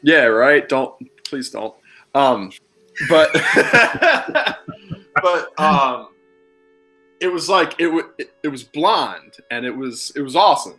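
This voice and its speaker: A man's voice: mid-range voice, unhurried, a bit bright, faint music behind. A man in his thirties from Philadelphia, a podcast guest in casual chat, telling rambling, candid stories and swearing freely. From Philadelphia, USA.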